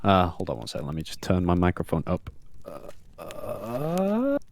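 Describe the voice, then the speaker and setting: A man's voice: sits low, wildly swooping pitch, normal speed, gravelly, a little hiss or hum. A man playing a tabletop role-playing game, describing his actions in a casual, rambling way full of fillers.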